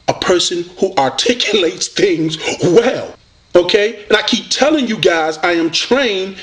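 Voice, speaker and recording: A man rants straight at a rival, combative and preachy, with a mocking edge. His voice sits high for a man. His pitch swings widely as he presses each point. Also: fairly bright tone. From United States. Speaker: online debater addressing a rival. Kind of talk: confrontational video rant.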